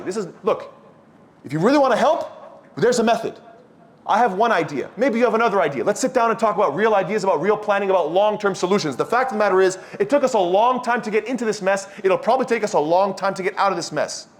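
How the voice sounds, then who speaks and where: A man preaches to a youth study circle in a blunt, scolding tone. He keeps throwing questions at the audience and pushing them for answers. His voice sits a little higher than most men's. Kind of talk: lecture-style sermon to a live audience.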